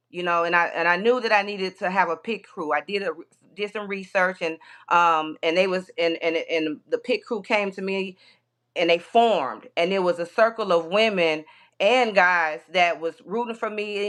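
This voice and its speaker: A woman's voice: mid-range voice, normal speed, fairly bright tone. Rambling woman telling a road story. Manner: rambling, with many restarts and "you know"s. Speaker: podcast guest, motorcyclist. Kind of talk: storytelling in a podcast interview.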